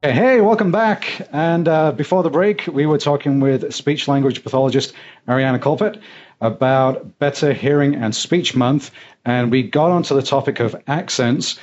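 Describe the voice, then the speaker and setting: A man from Yorkshire hosting a talk show, chatting casually with a light, softened Yorkshire accent and frequent laughs. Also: mid-range voice, normal speed, dull audio. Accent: Yorkshire English, softened. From Yorkshire, England. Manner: chatty, laughs often, fillers. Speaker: host.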